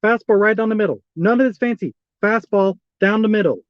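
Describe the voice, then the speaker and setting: Guy doing live fan commentary, super high voice, exasperated and repeating himself, dry close mic. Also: brisk, no echo, highs cut off. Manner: exasperated, repeats the same pleas over and over. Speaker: fan streaming a live baseball watch-along.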